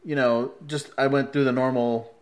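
A man in a casual chat, telling a story in an animated way, laughing often and acting out quoted lines. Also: mid-range voice, moderate pace.

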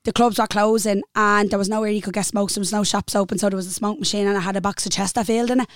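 A woman's voice: mid-range voice, steady tone, quick pace, no echo, clean studio sound. A young woman, co-hosting a casual podcast, chatty and teasing, and she swears freely. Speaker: podcast co-host. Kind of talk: casual chat.

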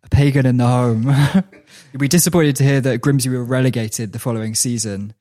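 A man's voice: mid-range voice, steady tone, brisk, mellow. Chatty man telling a story. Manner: storytelling with frequent laughs and restarts. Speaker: podcast host. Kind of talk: casual chat, storytelling.

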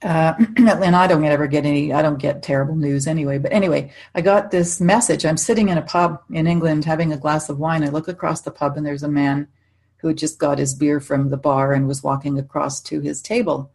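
Low husky woman telling stories. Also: fairly even intonation, a little fast, a little mellow. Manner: chatty storyteller, laughs often, frequent restarts. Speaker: psychic medium guest. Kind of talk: casual conversation.

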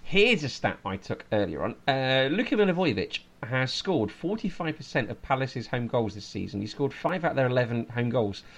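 Casting: podcast host, animated pitch, teasing and chatty. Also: male voice, a little fast, few pauses. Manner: lively, teasing, reads out stats. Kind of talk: casual chat.

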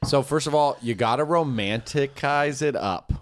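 A man's voice: medium pitch, normal speed. A man co-hosting a comedy podcast who teases his partner in a laid-back way, full of filler words. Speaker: podcast co-host. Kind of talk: casual comedy podcast banter.

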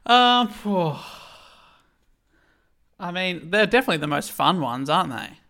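A man chatting casually as a podcast guest, enthusiastic and animated. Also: sits high, measured pace, gravelly. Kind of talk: casual chat.

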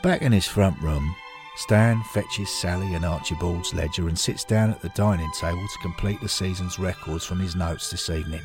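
Low expressive male storyteller. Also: moderate pace, over music. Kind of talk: scripted narration.

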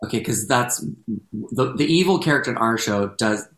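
A man's voice: mid-range voice, expressive, normal speed, fairly bright tone, a little hiss or hum. Male co-host, rambly chat, echoey room. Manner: rambling, full of fillers and self-corrections. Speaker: podcast co-host and stage performer. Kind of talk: casual chat.

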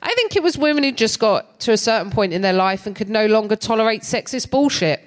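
On a large theatre stage, a middle-aged comedian tells her story into a stage mic, laughing between lines. She speaks fairly quickly with a fairly high pitch and a sardonic, lively delivery.

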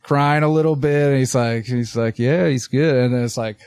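Young male podcast co-host, mid-pitch, animated storyteller, swears freely, dry room. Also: moderate pace, clean tone, no echo. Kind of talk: casual chat.

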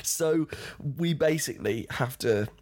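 A man's voice: a little high, lively intonation, a little slow, darkish tone. A man who is a guest actor, telling stories in casual chat and laughing often.

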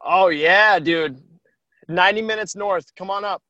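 Male host, playful and teasing, higher-pitched, dry, muffled lo-fi call sound. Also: unhurried, sharp tone. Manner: teasing, upbeat, sprinkles in "like". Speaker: podcast host. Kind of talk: casual chat.

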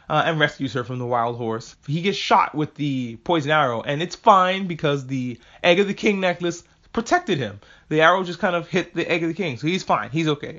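A man casually recapping an anime plot with crude jokes, acting out the characters' lines in quick asides. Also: fairly high pitch, a bit bright. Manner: profane, jokey, acts out characters' lines. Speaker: podcast host reviewing an anime. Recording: dull lo-fi recording.

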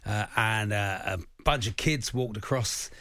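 A middle-aged man with a West Country accent co-hosting a radio show, telling stories animatedly and bursting into shouts. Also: lowish voice, unhurried. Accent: West Country English. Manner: animated storyteller, breaks into shouts. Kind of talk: casual radio banter.

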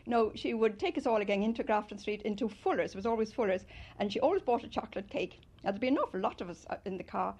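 Older lady telling childhood stories, voice swings all over, animated. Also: medium pitch, fast, husky. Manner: fond, animated storytelling with loud mimicry. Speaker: interviewee. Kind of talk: reminiscing interview.

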